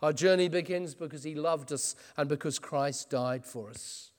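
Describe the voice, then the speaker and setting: A man's voice: on the high side, moderate pace. A man preaching an earnest expository sermon. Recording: long reverb in a church hall.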